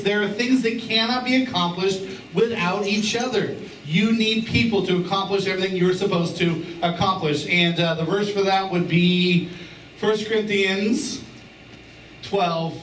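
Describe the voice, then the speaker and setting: A middle-aged pastor delivers a sermon in a relaxed, joking, conversational style, repeating key words and phrases for emphasis. His voice is high for a man. He's captured from a little way off in a roomy church sanctuary, with a faint hum in the background.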